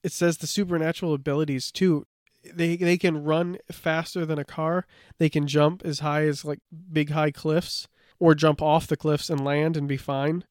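Relaxed and chatty, a podcast co-host recounts lore while reading passages from his notes, peppering his speech with "like." His voice is fairly high and his pace moderate, and the recording is dry with clean studio sound.

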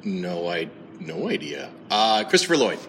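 A man's voice: low-pitched, big pitch swings, unhurried, fairly bright tone, a little hiss or hum. A man playing along in a casual podcast trivia quiz, thinking aloud and laughing often. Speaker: quiz contestant.

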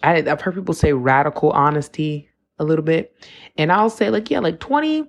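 The host, a woman in her 20s, has a voice that sits low and is expressive and a little quick. Her reflective solo podcast is relaxed and conversational, with frequent "like"s and restarts as she fixes what she's said.

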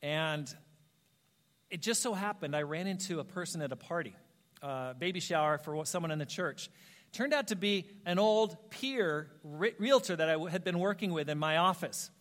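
Guy preaching in a big echoey church, high-ish voice, tells stories and does the voices. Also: moderate pace. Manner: animated storyteller, acts out quoted voices. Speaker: pastor. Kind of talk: sermon with personal stories. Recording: long hall reverb.

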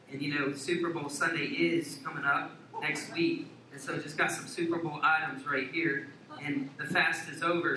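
A man's voice: a little high, bright, forceful tone, a little hiss or hum. A man preaching a sermon as pastor, playful and joking as he talks to the congregation. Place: church sanctuary. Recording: echoey church hall from far off with congregation.

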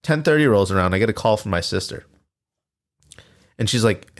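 A man's voice: fairly low pitch, lively intonation, normal speed. A man in his twenties co-hosting a podcast, chatting loosely and telling stories with quoted asides and swearing. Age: 20s. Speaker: podcast co-host. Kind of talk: casual chat.

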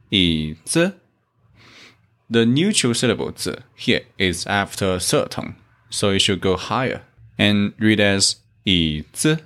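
A man teaching a language lesson, explaining grammar and modeling tones deliberately. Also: lowish voice, fairly bright tone. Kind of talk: slow instructional explanation.

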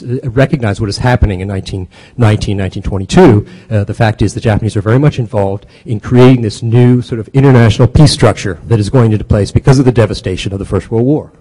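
A man giving a history lecture in a conversational way, halting often with fillers and restarts, then pressing key points with emphasis. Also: fairly low pitch, warm tone, slightly rough, low-quality recording. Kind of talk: academic lecture.

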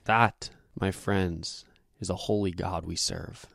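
A man's voice: sits low, fairly even intonation, slow, creaky, a bit bright, no echo, clean studio sound. A man hosting a devotional podcast, teaching earnestly and emphatically while quoting scripture. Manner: earnest, emphatic preaching with frequent scripture quotes. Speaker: podcast host.

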